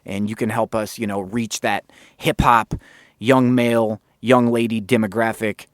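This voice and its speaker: Animated man telling a story, dry sound. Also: lowish voice, a little slow, dry recording. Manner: animated, swears casually. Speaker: podcast host. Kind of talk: casual storytelling monologue.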